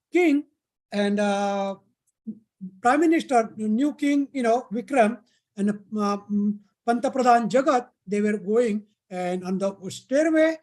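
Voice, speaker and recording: A speaker from India, telling a folk tale to young people at a summer camp, halting and restarting often. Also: medium pitch, a little mellow. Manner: halting, many pauses and restarts. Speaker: storyteller at a youth camp.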